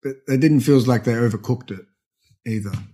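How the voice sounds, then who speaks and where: A man's voice: medium pitch, brisk, mellow. A man co-hosting a podcast, chatting casually about a film with dry, wry quips. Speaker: podcast co-host.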